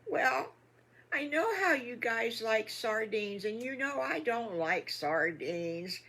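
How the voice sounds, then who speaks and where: An older woman voicing a gentle, tearful mother pig in a told bedtime story, soft and sorrowful in manner. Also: on the high side, lively intonation, takes it slowly, pitched above the performer's own voice, exaggerated voice. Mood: sad.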